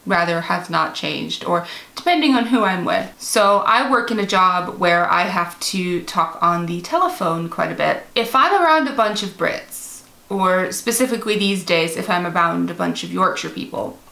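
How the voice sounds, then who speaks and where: A bright, forceful woman with a gravelly edge chats to camera in a Michigan Midwestern accent that has picked up some British polish. She is self-amused, laughs easily and fills her pauses with ums. The sound is roomy, as if recorded in a room at home. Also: lowish voice, animated. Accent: Michigan Midwestern American, partly drifting British. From Michigan, USA. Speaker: vlogger. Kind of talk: casual chat to camera.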